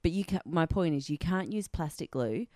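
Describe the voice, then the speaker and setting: A co-host with a mid-range voice gently pushes back with probing questions and dry teasing during a relaxed hobby conversation. The sound is dry and close, with no room sound. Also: mid-range voice, normal speed, dry recording. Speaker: podcast co-host. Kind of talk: casual tabletop wargaming chat.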